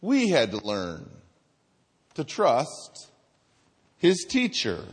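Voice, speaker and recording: Man, 30s, pastor, animated storyteller; higher voice, wide pitch swings, recorded in a large reverberant hall. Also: very slow, slightly rough. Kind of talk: sermon with personal story.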